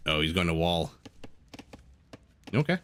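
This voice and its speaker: A man's voice: low-pitched, very animated, unhurried, a bit bright, slight background noise. A man commentating a strategy game live, chatty and joking with his chat between play-by-play. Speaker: game caster.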